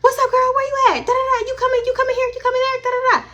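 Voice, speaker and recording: A woman voicing her carefree young friend in a squeaky, sing-song voice with a Houston accent. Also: little pitch movement, rapid-fire, bright, forceful tone. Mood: breezy. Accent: Houston, Texas.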